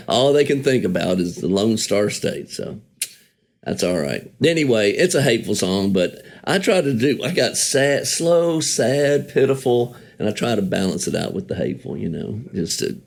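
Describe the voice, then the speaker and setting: A man's voice: mid-range voice, gravelly. Guy w an average voice reminiscing, rambly, keeps restarting, chuckles a lot. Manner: rambling, self-correcting, chuckles often. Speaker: songwriter guest remembering a friend. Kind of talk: conversational storytelling.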